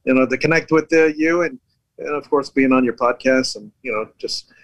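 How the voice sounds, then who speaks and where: A man's voice: medium pitch, fairly quick, no room sound, low-quality recording. Laid-back comedian man in his 50s. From Philippines, raised in South San Francisco. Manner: laid-back, chuckling, slangy. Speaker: comedian guest. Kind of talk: casual interview chat.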